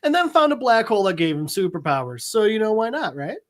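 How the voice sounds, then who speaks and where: A man in his thirties, a podcast co-host, retelling a comic book in casual chat and acting out the dialogue in quick voices with frequent laughs. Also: sits high, sing-song. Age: 30s.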